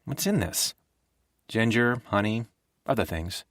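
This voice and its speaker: A man voicing a frightened, sick teenage girl who bursts out shrill and tearful, in an audiobook reading. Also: expressive, unhurried, fairly bright tone, dry recording, clean studio sound. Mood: wry.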